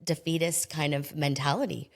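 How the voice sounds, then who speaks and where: A woman from the United States with a low, grounded voice talks as a podcast guest. She is candid and chatty, with a self-deprecating sense of humor. She slips in quick impressions of other people as she tells her story. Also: fairly even intonation. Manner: candid and chatty, often acting out quoted voices. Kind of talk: casual interview storytelling.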